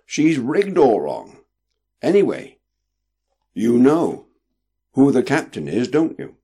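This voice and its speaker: A man performs a doubtful, stubborn old sailor, his medium-pitched voice gravelly and mellow with a breathy edge, swinging widely in pitch at a slightly slow pace. Heavily acted, the grumbling character speaks in rustic, emphatic dockside talk, pushing his voice above its usual tone.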